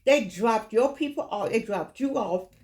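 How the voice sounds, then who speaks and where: A woman's voice: a little high, expressive, measured pace, darkish tone. An older woman, giving an impassioned, preachy vlog monologue and repeating phrases for stress. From United States. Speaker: vlogger.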